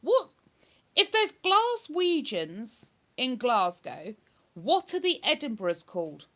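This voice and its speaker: A woman's voice: on the high side, big pitch swings, slow pace, pushed and bright. A woman chatting on a live stream, reading viewer comments aloud and answering them. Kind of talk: casual live-stream chat.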